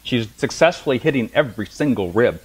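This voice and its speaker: A middle-aged man teaches a class of massage therapists, talking at a brisk clip. He tells stories with humor and acts out the voices of people in them. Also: medium pitch, lively intonation, breathy edge, poor audio. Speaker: massage instructor. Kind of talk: lecture to a class.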